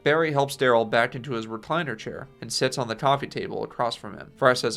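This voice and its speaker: A man reading out a film pitch scene by scene, with casual asides. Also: fast talker, few pauses, fairly bright tone, faint music behind. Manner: plain storytelling with casual asides. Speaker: channel host pitching a film.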